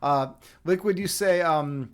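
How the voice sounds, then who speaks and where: A man's voice: a little high, measured pace, clear, resonant tone. A man hosting a live stream from his home setup, talking in a rambling, jokey way with many restarts. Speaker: livestream host, chess instructor and meditation guide. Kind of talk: casual live-stream chat.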